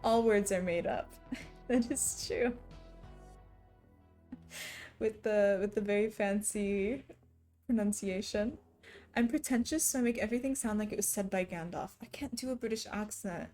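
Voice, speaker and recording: A woman's voice: on the high side, moderate pace, pauses often, dark tone. A young woman chatting casually on a live stream, answering her chat and laughing often between remarks. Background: faint background music.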